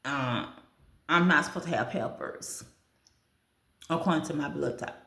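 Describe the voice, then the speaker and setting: A woman chats casually on camera while she eats breakfast, going down a food list and adding her own comments. Her voice sits a little low and she talks at an unhurried pace. The room around her is echoey. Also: vocal fry, fairly bright tone. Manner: chatty, reads a food list aloud and comments on it; talks with her mouth full. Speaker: vlogger. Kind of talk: casual chat while eating.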